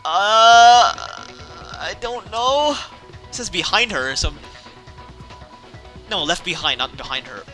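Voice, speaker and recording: A man's voice: high-pitched, lively intonation, takes it slowly, sharp tone, faint music behind. A young man casually playing through a visual novel, reading the text aloud, rambling, correcting himself and laughing often. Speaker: let's play host.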